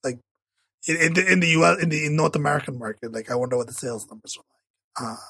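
Gravelly rambling man on a podcast. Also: a little high, quick pace, bright, forceful tone, no echo. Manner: rambling, many fillers and restarts. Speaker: podcast co-host. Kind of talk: casual tech podcast chat.

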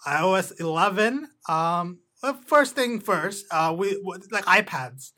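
A man co-hosting a casual tech podcast, talking haltingly with many restarts and fillers. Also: high voice, lively intonation, bright, forceful tone. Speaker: podcast co-host.

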